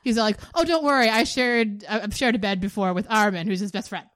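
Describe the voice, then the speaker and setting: Brief: woman in her 30s, podcast co-host, mid pitch, chatty storyteller who laughs a lot, dry close sound. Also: fairly even intonation, brisk, a bit bright, no echo. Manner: chatty storyteller, laughs often, acts out quotes. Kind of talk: casual chat.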